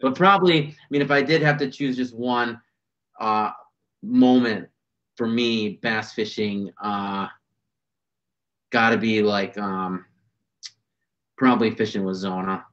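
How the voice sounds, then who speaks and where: A man telling fishing stories in a casual podcast chat, animated and full of fillers. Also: fairly low pitch. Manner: animated, fast storytelling with fillers. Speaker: podcast guest, bass angler. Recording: dull lo-fi sound.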